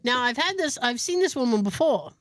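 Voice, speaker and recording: Lively, high-voiced woman telling a story. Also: fairly quick, no room sound, studio quality. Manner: animated, profane, self-mocking. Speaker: podcast host. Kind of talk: casual storytelling chat.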